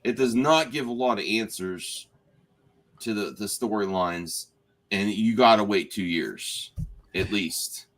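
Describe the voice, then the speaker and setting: A man's voice: on the low side, takes it slowly, fairly bright tone. A man hosting a casual spoiler chat over a video call, rambling and restarting his sentences. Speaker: host.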